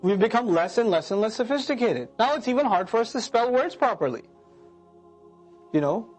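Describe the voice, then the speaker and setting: A middle-aged man giving a lecture that explains scripture, animated, acting out emotions and reciting Arabic verses. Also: high-pitched, a little fast, faint music behind. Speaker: Quran lecturer.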